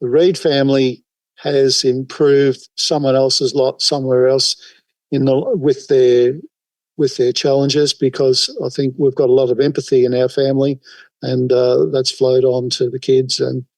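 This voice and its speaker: A man's voice: medium pitch, level tone, measured pace, darkish tone, no room sound, low-quality recording. An older man with an Australian accent, a guest telling rambling, folksy stories in an interview. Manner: rambling, folksy, many fillers. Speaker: guest, emergency services volunteer. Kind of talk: casual interview storytelling.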